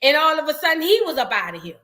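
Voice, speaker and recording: A woman's voice: high voice, big pitch swings, rapid-fire, sharp tone. A woman hosting a reaction show, talking to her live chat in a blunt, emphatic way and repeating her points. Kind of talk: casual commentary to a live chat.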